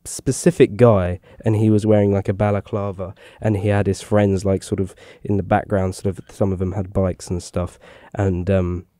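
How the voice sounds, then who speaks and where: A young man, co-hosting a podcast in a relaxed, prompting way. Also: low-pitched, normal speed, hardly any pauses, no echo, studio quality. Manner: relaxed, asks questions and prompts. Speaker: podcast co-host. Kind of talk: casual chat.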